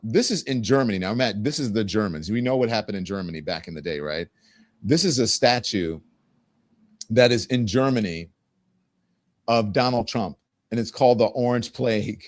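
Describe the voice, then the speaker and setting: A man's voice: on the low side, no echo, clean studio sound. A man hosting a political talk show, commenting sarcastically and with emphasis.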